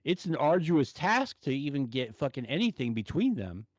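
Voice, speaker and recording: A man calling in to tell a profane, heated story in an animated way. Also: a little high, moderate pace, no room sound, rough recording. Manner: animated, swears constantly, heated. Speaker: caller telling a story.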